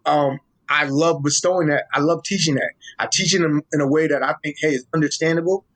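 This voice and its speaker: A man's voice: a little high, brisk. A young man with a New York accent, talking casually and with energy as an interview guest, often restarting his words. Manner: animated, street-casual, repeats and restarts words. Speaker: guest, social media Tolkien explainer.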